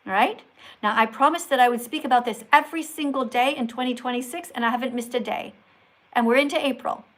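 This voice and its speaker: A woman's voice: a little high, a bit bright. A woman livestreaming, answering viewer messages in a preachy, scolding way and repeating key phrases for emphasis. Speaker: vegan activist livestreamer. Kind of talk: livestream chat answering super chats.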